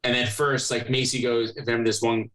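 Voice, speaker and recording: A young man hosting a podcast, his voice sitting at an ordinary middle pitch. He drifts through long, rambling stories in an easy, casual way and swears freely as he goes. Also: little pitch movement, moderate pace, a bit bright, rough recording. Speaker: podcast host. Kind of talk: casual chat.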